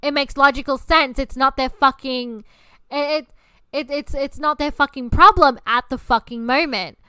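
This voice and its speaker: A woman hosting a podcast, ranting in a heated, foul-mouthed, emphatic way. Her voice sits high and sounds bright and sharp, recorded dry with no room sound. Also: moderate pace, dry recording. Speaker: podcast host. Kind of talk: ranting monologue.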